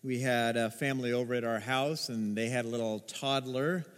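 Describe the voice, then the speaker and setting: A man preaching a sermon as pastor, telling stories with animated acted-out voices. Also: medium pitch, normal speed. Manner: animated storytelling, acts out voices in quotes. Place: church sanctuary. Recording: long hall reverb.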